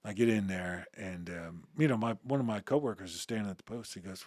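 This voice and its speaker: This former uniformed security officer, a guest on an interview show, has a deep voice and talks quickly. The studio-quality recording is dry. Chatting casually, he tells lively anecdotes, performing the quoted lines and frequently starting sentences over.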